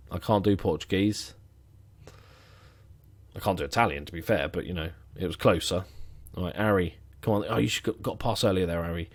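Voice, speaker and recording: Low-voiced man, sarcastic game commentary. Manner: sarcastic, muttering asides. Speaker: gaming commentator.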